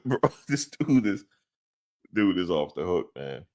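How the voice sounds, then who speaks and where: A man's voice: sits low, sing-song, slow, dark tone. A man co-hosting a sports podcast in casual chat, slangy and laughing often.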